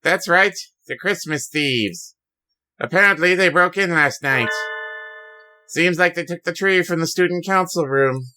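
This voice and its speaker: A man voicing a laid-back male bird teacher, soft-spoken and unhurried. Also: high voice, over music. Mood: calm. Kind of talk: video game voice acting.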